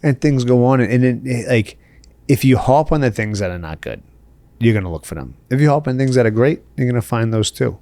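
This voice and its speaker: A middle-aged man from the Bronx, New York, chats candidly as a podcast guest in a casual interview, laughing often and saying "you know" a lot. His mid-range voice is expressive and warm, moving a little fast, and the recording is dry.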